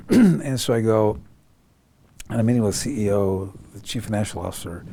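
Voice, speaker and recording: A man's voice: on the low side, normal speed, vocal fry, a little hiss or hum. Older man telling stories animatedly. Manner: animated, acts out quoted voices. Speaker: guest. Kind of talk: storytelling interview.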